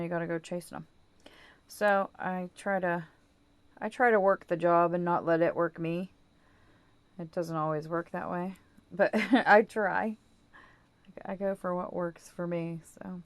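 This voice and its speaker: Casual craft tutorial host, woman, somewhat low voice, chatty and self-correcting. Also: clear, resonant tone, no room sound. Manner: playful baby talk to her dog. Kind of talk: casual how-to demonstration.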